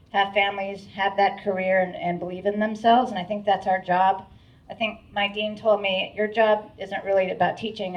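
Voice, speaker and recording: A middle-aged woman chairing a board, giving a heartfelt, rambling thank-you speech at an event with many restarts. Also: mid-range voice. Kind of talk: emotional, grateful event speech. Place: event hall with an audience. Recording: distant, dull-sounding mic at a live event.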